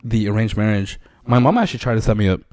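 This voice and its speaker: A man's voice: on the low side, animated, fast, darkish tone, no room sound. Young man rambling in casual chat. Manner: loose rambling storytelling with many fillers. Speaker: podcast co-host.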